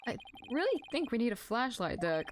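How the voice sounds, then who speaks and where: A woman's voice: fairly high pitch, big pitch swings, fairly quick, slight background noise. Woman reading as an earnest young male lawyer.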